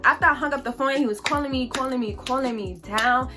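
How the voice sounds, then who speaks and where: A young woman telling a story on her vlog in a chatty, animated, slangy way. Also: high-pitched, quick pace, music in the background.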